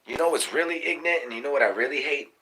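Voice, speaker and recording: A man, hosting a live stream and ranting excitably about conspiracies, cursing often and calling to viewers as y'all. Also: medium pitch, rapid-fire. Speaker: livestream host. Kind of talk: casual live-stream rant. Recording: noisy live-stream audio.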